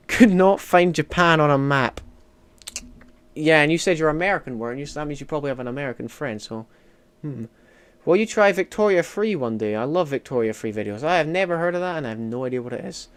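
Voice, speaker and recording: A man's voice: on the high side, animated, fairly quick, smooth. A young Scottish man chatting casually while streaming a strategy game, reading and answering chat with joking, mock-indignant outbursts. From Scotland. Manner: chatty, jokey, swings between mumbling asides and loud mock outrage. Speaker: gaming streamer.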